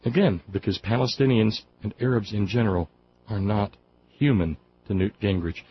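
A man's voice: fairly low pitch, moderate pace, a little hiss or hum. Impassioned talk radio host, man. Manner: impassioned, emphatic, with restarts. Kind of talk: call-in talk radio commentary. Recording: dull lo-fi radio broadcast.

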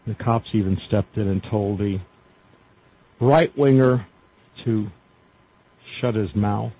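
A man hosts a casual news podcast, reading articles aloud with many fillers and asides. His lowish, husky voice takes things slowly, and the audio is dull and lo-fi.

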